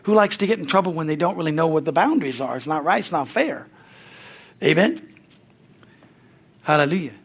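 A man's voice: a little high, expressive, a little fast, long pauses, slightly rough. An older man preaching a sermon as pastor, in a folksy, conversational way with frequent chuckles, speaking in a church. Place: church sanctuary.

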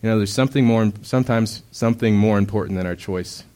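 A man's voice: on the low side, quick pace. A young man giving a sermon in a casual, conversational way, full of "um"s and acted-out quotes. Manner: casual, conversational preaching with many fillers; acts out quoted voices with bursts of loudness. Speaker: preacher.

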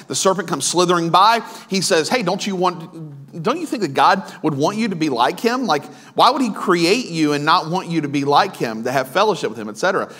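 A man's voice: on the high side, fairly bright tone. A male pastor giving a conversational sermon, full of asides, restarts and questions to the congregation.

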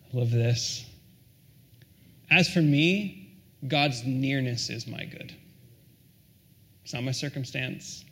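A man preaching a sermon, earnest and questioning, often dropping to a soft hush on key lines. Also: mid-range voice. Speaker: pastor.

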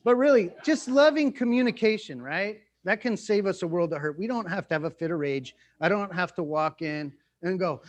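A middle-aged man preaching in a relaxed, conversational way, joking and laughing at himself often. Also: fairly high pitch, a little fast, few pauses. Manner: playful, self-mocking, jokes and laughs often. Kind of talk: conversational sermon.

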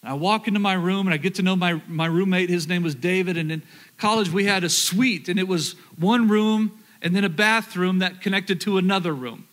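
A man's voice: high-pitched, fairly bright tone. A man from rural Oklahoma with a Southern accent, preaching a sermon through personal stories, earnest and repeating words as he talks to the crowd. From rural Oklahoma, USA. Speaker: pastor. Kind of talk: storytelling sermon.

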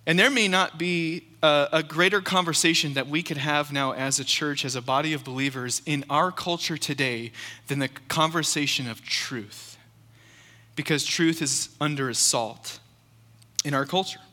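A man preaching in a church sanctuary with a slightly high, sharply bright and forceful voice. He is earnest and emphatic, leaning on repeated phrases, and his words ring out with the long reverb of a large hall. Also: normal speed. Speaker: pastor. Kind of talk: sermon.

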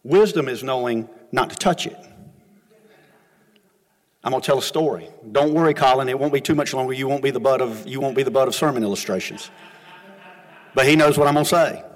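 A middle-aged pastor, preaching a sermon in a folksy storytelling way that swings between loud and soft. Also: male voice, medium pitch, brisk, pauses often, long reverb tail. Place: church sanctuary.

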